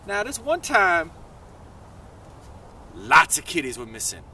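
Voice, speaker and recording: A man spins a kids' adventure tale with a lively, up-and-down delivery and a bright tone. He sounds a little distant from the mic, with faint vehicle noise in the background. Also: slow pace. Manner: lively, swoops high in pitch for excited questions. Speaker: storyteller. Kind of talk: animated children's story narration.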